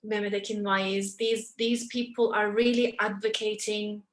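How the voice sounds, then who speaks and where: A woman speaking on a discussion panel. She explains her point in an earnest, steady way. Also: medium pitch, unhurried.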